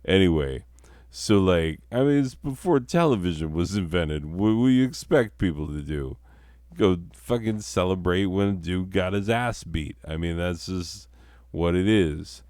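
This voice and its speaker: Slow, low-voiced stoned man rambling. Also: expressive, darkish tone, no room sound, studio quality. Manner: rambling, profane, full of fillers. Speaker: comedy storyteller and gamer. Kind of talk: rambling casual storytelling while gaming.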